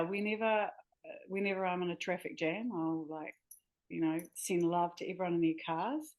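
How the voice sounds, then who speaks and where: Her voice slightly low and a bit mellow, a New Zealand woman who works as a healer and author talks as a guest in a casual interview. Enthusiastic and quick to laugh, she occasionally pauses mid-sentence to find a word.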